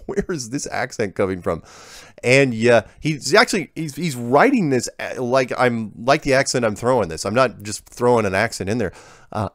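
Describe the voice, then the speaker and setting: A man's voice: medium pitch, expressive, moderate pace, no room sound, studio quality. A man hosting a casual email Q&A show, reading viewer letters aloud with offhand, stumbling restarts and wry asides.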